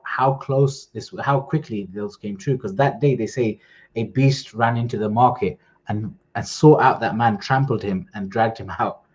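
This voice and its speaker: A man's voice: medium pitch, a little mellow, muffled recording. A man in a livestream, casually retelling historical stories and quoting people with "he goes", often restarting his phrases. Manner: informal retelling, voices quotes with "he goes", frequent restarts. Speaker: student storyteller at a livestream. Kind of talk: casual storytelling. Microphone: home computer mic on a livestream.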